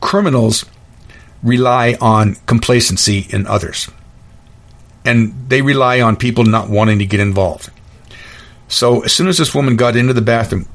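A man hosting his own podcast, telling stories in a blunt, opinionated, folksy monologue. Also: fairly low pitch. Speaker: podcast host. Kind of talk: casual monologue.

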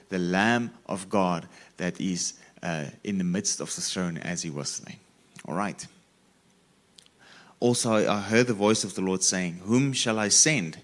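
A man preaching a sermon, repeating phrases and stressing key words as he reads scripture. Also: sits low.

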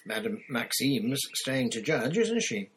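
A man's voice: medium pitch, big pitch swings, slow pace, husky, pitched above the performer's own voice, exaggerated voice. A man reading aloud, voicing a teenage boy in a plain, matter-of-fact way.

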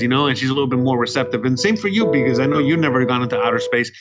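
A man's voice: mid-range voice, very fast, hardly any pauses, over loud music. Rambling profane young man, lo-fi audio. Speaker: podcast co-host. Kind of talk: casual podcast chat. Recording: muffled lo-fi podcast audio.

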